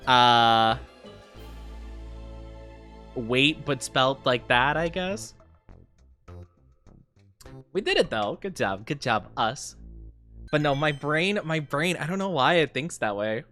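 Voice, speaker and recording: A young man streaming a word game in casual chat. He rambles excitedly, laughs often and jokes at his own expense. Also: a little high, slow, pauses often, faint music behind.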